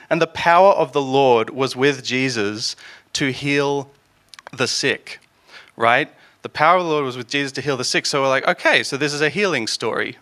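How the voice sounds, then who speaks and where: Bright-voiced man preaching casually. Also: medium pitch. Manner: chatty, joking, lots of ums and restarts. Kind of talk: casual conversational sermon.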